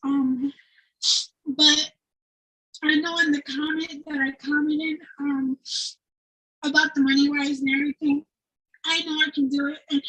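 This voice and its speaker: A tearful woman speaks slowly in a high, bright voice over a video call. She halts, searches for words and keeps apologizing, her voice thick with crying. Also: level tone, poor audio. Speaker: participant sharing on a live online event. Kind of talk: emotional testimony.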